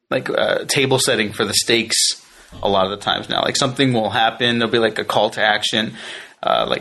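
Bright, eager man riffing on action films. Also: mid-range voice. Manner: enthusiastic, heavy use of "like". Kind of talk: casual film-discussion chat.

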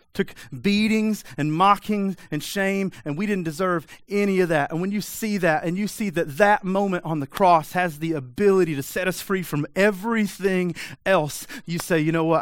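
Man, pastor preaching, urgent, direct, rhetorical questions, higher voice, dry close sound. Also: normal speed, no echo. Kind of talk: sermon.

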